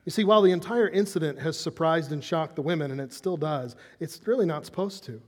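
A man with a high-pitched voice delivers a sermon from the pulpit. He moves between lively storytelling and quiet, earnest emphasis. His voice trails off into a long hall reverb. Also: brisk. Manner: animated storytelling, dropping to soft intensity on key points. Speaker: pastor.

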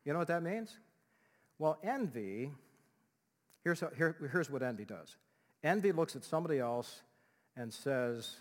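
A male pastor preaching a sermon in an animated way, dropping to a hush and rising loud again. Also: fairly high pitch, unhurried, pauses often. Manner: animated, swings from loud to hushed, acts out quotes. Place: church sanctuary. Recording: long reverb of a church hall.

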